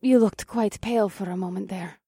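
Guy doing a soft worried snake-eyed witch lady, high gentle voice. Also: steady tone, fairly quick, breathy edge, dry recording, clean studio sound. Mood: concerned.

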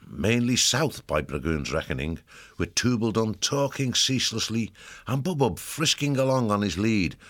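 A man reading storybook narration in a steady storytelling manner. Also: low-pitched.

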